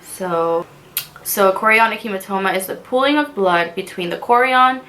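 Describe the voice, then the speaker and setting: A woman's voice: medium pitch, moderate pace, bright, forceful tone, slight background noise. A young woman in her twenties telling her own story in a vlog, her voice catching as she talks through tears, with many fillers. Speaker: vlogger. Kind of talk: emotional personal storytelling.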